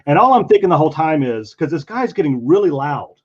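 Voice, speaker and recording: A slightly rough, somewhat high male voice moves a little fast as a comic artist, drawing, shares a convention story in casual chat. He's animated and imitates the people in it, heard through dull lo-fi stream audio.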